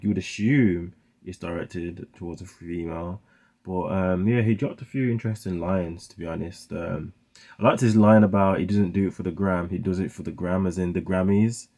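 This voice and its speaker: A man's voice: low voice, moderate pace, mellow. A young man giving casual, rambling commentary on songs he is reacting to, full of "like" fillers. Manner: rambling, heavy use of "like" fillers. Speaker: music reaction host.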